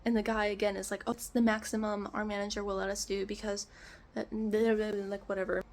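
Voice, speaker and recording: A woman's voice: mid-range voice, flat delivery, fast, a little mellow. Exasperated young woman ranting a storytime. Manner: exasperated ranting storytelling, acting out phone calls. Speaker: vlogger. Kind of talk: storytime vlog.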